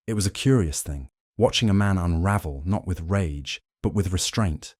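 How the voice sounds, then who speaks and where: A man narrating a mystery audiobook in the first person, with steady, measured storytelling. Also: low-pitched, no echo, studio quality.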